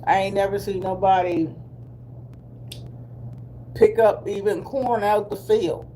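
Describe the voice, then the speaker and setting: With a medium-pitched, steady, mellow voice, this Delaware vlogger in middle age talks live with her viewers in Black American English. She's chatty and easygoing, drawling slowly and dropping laughs and asides, and there's slight background noise.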